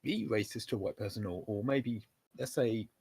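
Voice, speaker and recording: A man in a casual podcast chat, talking in a measured, thoughtful way with frequent hedging fillers. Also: fairly low pitch, darkish tone, slightly rough. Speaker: podcast co-host.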